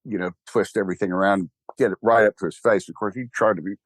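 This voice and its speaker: An older man with a Texan accent, an interview guest talking casually in a rambling, animated and wry way. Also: lowish voice, fast, no room sound. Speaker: interview guest, church founder.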